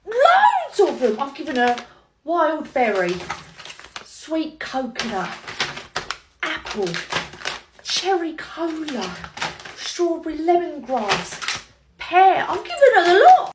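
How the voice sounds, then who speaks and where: Woman doing a mischievous nursery worker, giggly, conspiratorial, very high voice. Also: wildly swooping pitch, takes it slowly, long pauses, full character voice. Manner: giggly, conspiratorial, breaks into laughter. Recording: roomy echo, faint noise.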